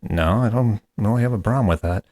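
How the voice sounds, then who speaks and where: A man's voice: on the low side, a little fast, warm tone, dry recording. A man hosting a comedy podcast, exasperated and casual in a sketch. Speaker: podcast host.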